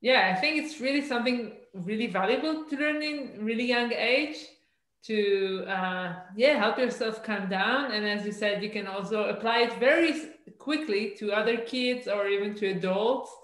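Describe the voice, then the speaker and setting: A woman's voice: a little high, normal speed, fairly bright tone. A woman hosting an interview, agreeing and reflecting on what the guest said. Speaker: interview host. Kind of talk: casual interview chat. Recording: echoey room.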